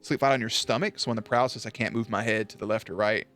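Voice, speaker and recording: A man chatting casually on a live stream, animated and profane, with sudden jumps up in pitch. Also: very fast, soft background music.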